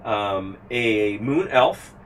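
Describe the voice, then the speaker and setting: A man narrating a tabletop game as game master, describing scenes at length and pausing with fillers. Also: on the low side, lively intonation. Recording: distant mic, faint background hiss.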